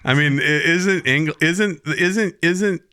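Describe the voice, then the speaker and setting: A man's voice: a little high, slow, clear, resonant tone, no room sound, studio quality. A man co-hosting a podcast in casual chat, joking and swearing. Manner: joking, profane, deadpan bits. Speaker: podcast co-host.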